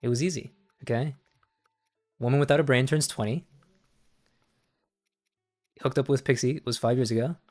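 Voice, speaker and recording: A man's voice: mid-range voice, steady tone, normal speed, pauses often, darkish tone, soft background music. A young man streaming casual political commentary, rambling, swearing freely and cutting himself off mid-sentence. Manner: profane, rambling, self-interrupting.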